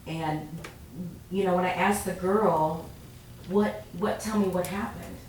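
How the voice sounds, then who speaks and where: A woman's voice: fairly low pitch, steady tone, takes it slowly, a little mellow. A woman giving a heartfelt public comment at a city council meeting. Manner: earnest, heartfelt. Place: council chamber. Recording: echoey chamber, far from mic, faint noise.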